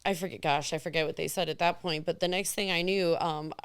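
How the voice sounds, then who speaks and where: A woman in her thirties, a podcast guest telling candid stories in an animated way, acting out the voices of others. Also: deep voice, a little fast, clean tone, no echo, studio quality. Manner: animated, acts out quoted voices. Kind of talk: candid storytelling.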